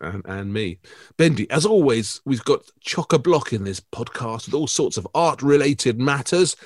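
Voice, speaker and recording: A man co-hosting an art podcast, talking in a lively, jokey, slightly theatrical way. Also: medium pitch, normal speed, dry recording, clean studio sound. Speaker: podcast co-host. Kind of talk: casual chat.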